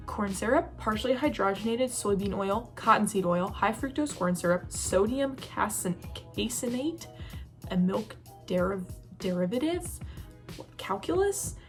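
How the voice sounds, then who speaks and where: A young woman chatting casually to the camera in a vlog, rambling with plenty of fillers and self-corrections. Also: medium pitch. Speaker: vlogger.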